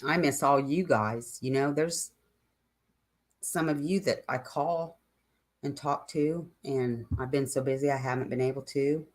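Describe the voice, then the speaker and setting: A woman's voice: rumbling low, measured pace. An older woman hosting a live stream, chatting casually and ramblingly with her viewers and answering their comments.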